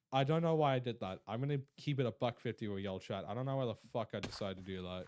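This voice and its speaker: A man's voice: mid-range voice, fast talker, hardly any pauses, darkish tone. A young man streaming live. He chats casually with his viewers, jokes around, swears a lot and greets people in chat.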